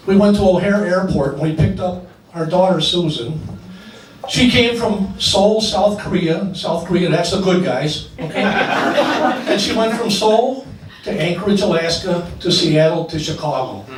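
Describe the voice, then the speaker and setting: A man in his sixties gives a wedding toast as the father of the bride, cracking jokes and choking up along the way. His voice sits high for a man. It is picked up from a distance in a very echoey reception hall with noise behind him. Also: expressive, measured pace. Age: 60s. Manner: joking, emotional, chokes up. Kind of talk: wedding speech.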